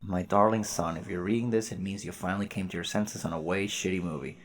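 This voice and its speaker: A man voicing a crude middle-aged father reading out a gruff, mock-solemn letter to his son. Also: deep voice, fairly even intonation, quick pace, a little hiss or hum, natural voice.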